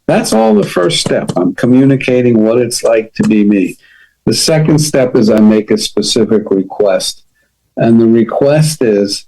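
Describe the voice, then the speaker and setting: A middle-aged man talks in a calm, earnest way, walking listeners through a self-help lesson step by step. His voice is mellow and relaxed, sitting at an ordinary mid pitch. He often slips into sample dialogue to show what he means. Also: measured pace, vocal fry, rough recording. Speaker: podcast host. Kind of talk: self-help talk on boundaries.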